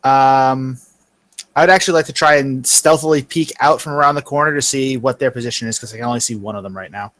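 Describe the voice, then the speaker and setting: A man's voice: medium pitch, fast talker, a bit bright, dry recording. A man playing a tabletop game, asking careful questions and stating his actions. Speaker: player.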